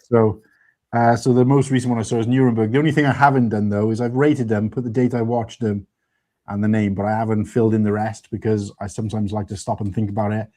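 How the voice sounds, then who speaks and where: A man's voice: fairly low pitch, flat delivery, fast, dark tone. A man hosting a casual panel chat, a rambling, chatty storyteller. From United Kingdom. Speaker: stream host.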